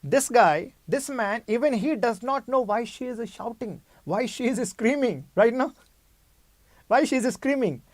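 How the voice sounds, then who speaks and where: A man's voice: extremely high pitch, animated, measured pace, dry recording. A male medical lecturer teaching a clinical case, repeating key terms and asking rhetorical questions.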